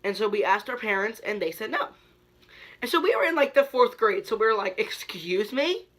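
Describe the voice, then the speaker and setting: Bright-voiced young man telling stories. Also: high voice, a little fast. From Kentucky. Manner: animated storytelling, many "like" fillers, dramatic quoted reactions. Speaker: YouTube host. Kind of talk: story time vlog.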